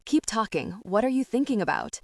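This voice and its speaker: A woman voicing a commanding young man in an audiobook, speaking low and coaxing. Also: sing-song, brisk, dry recording, clean studio sound, recorded from a distance.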